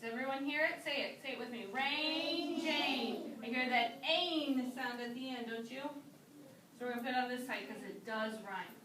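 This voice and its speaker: Woman teacher, high voice, slow and clear, roomy classroom recorded from afar with noise. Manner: slow, clear, encouraging prompts. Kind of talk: classroom phonics lesson. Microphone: camera in the room. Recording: roomy classroom sound from a distance with background noise.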